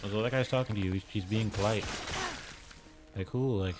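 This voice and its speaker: A man's voice: lowish voice, moderate pace, music in the background. A man streaming a game, rambling casually with lots of filler words and frequent chuckles. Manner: rambling, heavy use of "like", chuckles often.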